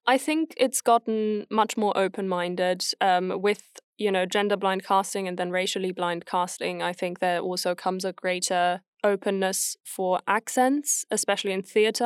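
A woman talks in a relaxed, considered way, pausing on fillers as she explains her work. Her voice is smooth and clear. The sound is close and dry. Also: medium pitch, no room sound. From Germany. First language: German. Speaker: guest, actor. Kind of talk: casual chat.

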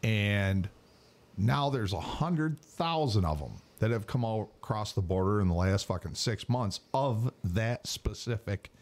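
A man with a fairly low voice holds forth on a casual podcast, ranting and swearing freely. His talk is loose and unscripted, with restarts and asides. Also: a little mellow. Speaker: podcast co-host. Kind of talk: casual chat.

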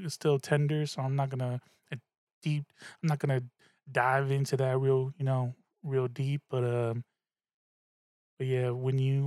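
A man's voice: mid-range voice, darkish tone, clear, resonant tone, dry recording, studio quality. A man hosting a casual solo podcast, rambling and swearing in a laid-back way, a little tipsy and slurring slightly. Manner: rambling, profane, laid-back, laughs at himself. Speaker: podcast host.

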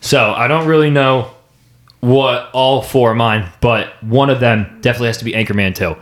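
A young man co-hosting a casual podcast chat, animated and fond of quoting movie lines. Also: mid-range voice, normal speed. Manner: animated, quotes movie lines in put-on voices. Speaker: podcast co-host.

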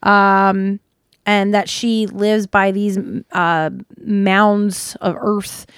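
A woman co-hosting a casual podcast chat, giggly and quick to exclaim as she retells spooky folklore. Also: mid-range voice, little pitch movement, clean tone, no echo, studio quality. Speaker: podcast co-host.

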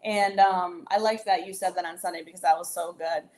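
A woman's voice: fairly low pitch, fairly even intonation, a little fast, darkish tone. A woman co-hosting a casual Bible talk, adding thoughtful reflections and affirming her partner. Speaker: co-host.

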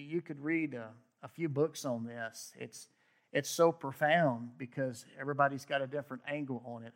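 A man preaching a sermon, reading scripture aloud with emphatic asides. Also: fairly high pitch. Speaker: pastor.

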